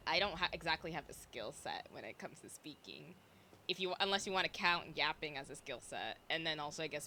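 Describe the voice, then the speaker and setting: A young woman streamer in casual chat, rambling with lots of fillers and a slight vocal fry. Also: fairly low pitch, sharp tone, slight background noise. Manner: chatty, rambling with fillers and self-interruptions.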